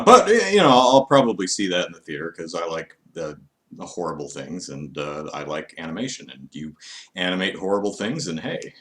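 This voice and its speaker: A man's voice: deep voice, fairly bright tone. A man chatting casually on a live stream, rambling and wry with many fillers. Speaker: vlogger.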